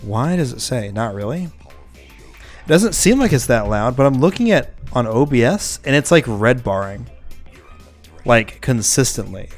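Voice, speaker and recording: A man streaming a game live, chatting casually and testing his microphone levels out loud. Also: medium pitch, animated, measured pace, soft background music. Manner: chatty, fiddles with his mic levels aloud. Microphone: desk microphone.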